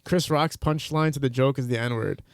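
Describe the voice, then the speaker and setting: A man hosts a podcast interview with a relaxed, chatty delivery and an easy back-and-forth with his guest. His pitch is ordinary for a man. The sound is dry and close, with no room echo. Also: moderate pace. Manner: laid-back, conversational, asks questions. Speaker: podcast host.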